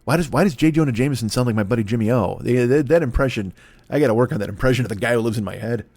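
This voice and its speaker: A man's voice: medium pitch, very fast, a little mellow, dry recording. A man in his forties hosting a comedy podcast, rambling through a profane, self-deprecating monologue. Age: 40s.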